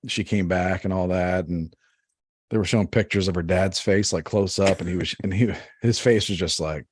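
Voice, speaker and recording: Low-voiced rambling podcast man. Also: moderate pace, husky, no echo. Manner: rambling, heavy with "like" fillers. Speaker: podcast co-host. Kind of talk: casual podcast chat.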